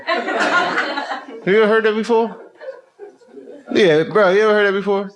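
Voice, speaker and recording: Lively, foul-mouthed male stand-up comic. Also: a little slow, a crowd in the background. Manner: lively, jumps into high excited tones, profane. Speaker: stand-up comedian. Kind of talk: stand-up comedy. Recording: noisy live club recording.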